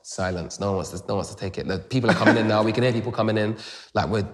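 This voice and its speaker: A young man with a London accent rattles through a backstage story at high speed, dropping "boom, boom" as he goes. His voice sits low, and a long reverb trails behind it. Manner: rapid, animated retelling with sound effects like boom and da da. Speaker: grime MC, interview guest. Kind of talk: casual storytelling interview.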